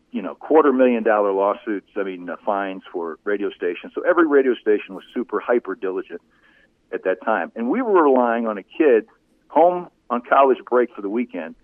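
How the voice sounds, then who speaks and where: A man and former radio broadcaster telling animated anecdotes in a casual interview. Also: mid-range voice, no room sound. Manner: animated anecdotes, voice rising when telling funny moments. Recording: phone-like narrow sound, dry.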